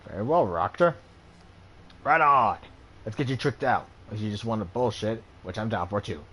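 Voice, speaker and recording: Guy doing a loud jokey hungover cyber doc, middle-aged, brash, kinda pushed up in pitch. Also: moderate pace, breathy edge. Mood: boisterous. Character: boisterous hungover middle-aged male back-alley cyber doctor.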